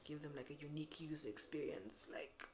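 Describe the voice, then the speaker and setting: A young woman giving business advice to camera, animated and sassy, acting out customers in quick voices. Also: low-pitched, a little hiss or hum. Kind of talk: casual advice talk to camera.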